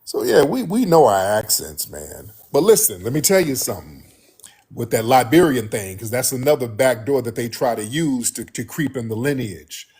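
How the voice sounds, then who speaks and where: A man holds forth as a show host. His voice sits at an ordinary middle pitch. He speaks bluntly and with animation, circling back over the same points. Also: normal speed, breathy edge. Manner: animated, blunt, repeats himself. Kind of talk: casual monologue to listeners.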